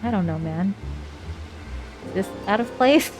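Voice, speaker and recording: A woman's voice: medium pitch, expressive, a little slow, music in the background. A young woman streaming a game live, chatting casually, sarcastic and swearing freely.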